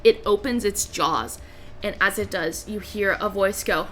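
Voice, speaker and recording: A woman leads a tabletop game as game master, patiently walking players through the rules. Between rulings she narrates the action in vivid detail. Soft music plays faintly underneath. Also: medium pitch, a little slow. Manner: patient rule explanations, vivid scene narration.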